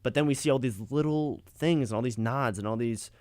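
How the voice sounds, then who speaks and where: A man's voice: mid-range voice, a little fast, a little mellow, dry recording, clean studio sound. A young man co-hosting a podcast in casual chat, with a laid-back, chatty way of talking. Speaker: podcast co-host.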